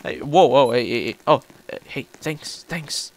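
A young man giving casual gameplay commentary, excitable, yelping and repeating himself. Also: mid-range voice, measured pace, no echo. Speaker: gameplay video host.

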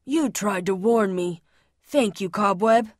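A woman doing a gentle bookshop owner. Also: medium pitch, slow pace, dry recording, studio quality, voice pushed down.

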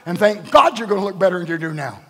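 Older man preaching, high voice, echoing hall. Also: fast. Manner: animated preaching with rhetorical questions to the congregation. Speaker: bishop preaching. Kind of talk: sermon. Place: large church at a live service.

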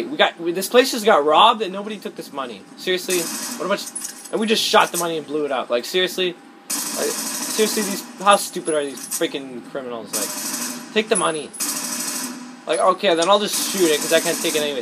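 Fairly quick and animated, a slightly high-voiced gamer rambles self-consciously while playing, swearing a lot in his let's-play commentary. Loud gunfire and game noise make for a noisy recording.

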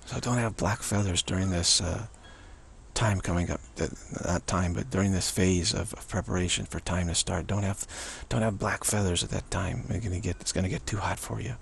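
Gravelly low-voiced man teaching spirituality. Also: steady tone, fairly quick, a little hiss or hum. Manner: rambling and repetitive, with frequent restarts. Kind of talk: unscripted spiritual teaching monologue.

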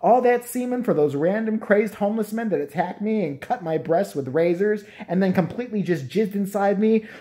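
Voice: medium pitch, animated, moderate pace, hardly any pauses, dark tone. A vlogger ranting in a profane, mocking commentary and often laughing.

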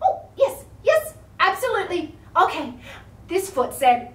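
A woman's voice: very high voice, big pitch swings, unhurried, a bit bright. A woman with an Australian accent leading an online yoga class for toddlers, talking in a playful sing-song way with big gasps of surprise. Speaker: kids' yoga teacher. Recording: roomy, distant mic with faint ambience.

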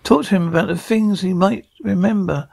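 A man voicing a calm, curious traveller who talks things through reasonably. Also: high voice, fairly quick, creaky.

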